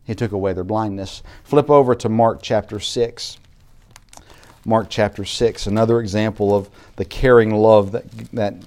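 Man preaching a sermon, reading scripture. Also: on the low side. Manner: reads scripture aloud in King James wording; builds from quiet reflection to louder, raised emphasis.

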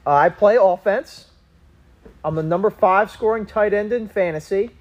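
A man's voice: high-pitched, moderate pace. A young man co-hosting a sports podcast, running a guessing game in an upbeat, game-show way. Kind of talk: casual sports chat.

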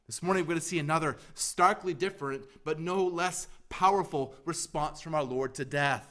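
A man preaching a sermon as pastor, emphatic, pressing repeated questions and swinging from loud to hushed. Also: on the high side, brisk, hardly any pauses.

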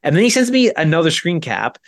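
Man, podcast co-host, lively storyteller, slightly high voice, dry close sound. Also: fast, no room sound. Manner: animated retelling, acts out both sides with repeated "I go". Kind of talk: casual storytelling chat.

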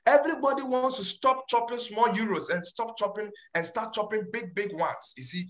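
A woman's voice: mid-range voice, moderate pace, a bit bright. A woman preaching a sermon, emphatic and repetitive, often restarting phrases.

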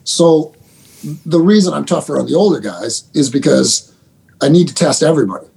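A middle-aged man, a basketball head coach, telling animated stories with laughter and quick restarts in a casual interview. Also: fairly high pitch, creaky, slightly rough. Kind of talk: storytelling guest in a casual interview.

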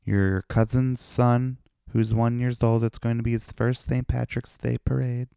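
A man's voice: medium pitch, flat delivery, measured pace, gravelly, warm tone, smooth, dry recording, studio quality, pitched above the performer's own voice. A man voicing his mother as a campy gay man, coaxing and sing-song.

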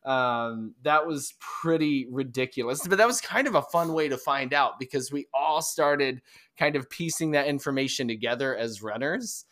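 A man co-hosting a podcast, telling a story in casual chat, rambling and halting with many fillers and restarts. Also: medium pitch, a bit bright, no room sound. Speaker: podcast co-host.

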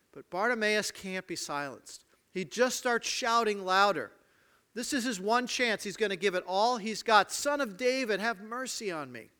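High bright-voiced preacher man. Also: smooth. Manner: dramatic storytelling, swings from loud to hushed. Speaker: pastor. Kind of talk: sermon.

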